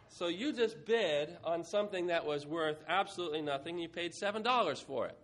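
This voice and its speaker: A man preaching a sermon, moving from quiet reflection to a playful mock auction with the congregation. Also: on the high side, brisk, few pauses, slight background noise. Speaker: pastor.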